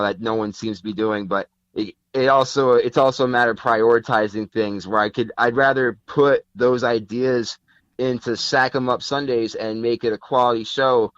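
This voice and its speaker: A man's voice: medium pitch, fairly bright tone, no echo. A man from Connecticut chatting as a podcast guest, rambling with many fillers and restarts. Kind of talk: casual interview chat. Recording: dull lo-fi sound.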